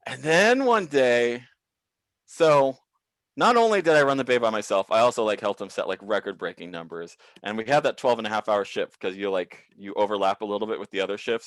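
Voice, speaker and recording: Animated, foul-mouthed man telling a comic story. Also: no echo. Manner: animated, profane, acts out quoted people with big pitch jumps. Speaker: comedian guest. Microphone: video call.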